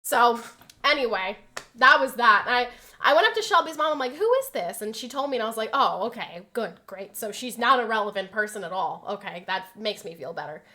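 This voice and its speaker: A young woman streamer tells a personal story in a loose, conversational way. Her voice is bright and slightly high-pitched, with a sharp edge to it. She swears freely and voices what other people said loudly and with energy. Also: a little fast. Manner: animated, swears, acts out quotes loudly. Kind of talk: casual storytelling chat.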